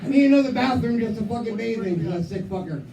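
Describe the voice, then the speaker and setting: High-voiced crude stand-up comic man in his 30s. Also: animated, fast. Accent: New England. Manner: crude, self-mocking, heavy swearing; acts out his own voice in loud quoted asides. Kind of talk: stand-up comedy set. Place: small comedy club stage. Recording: roomy club sound from a distance. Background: live music and crowd.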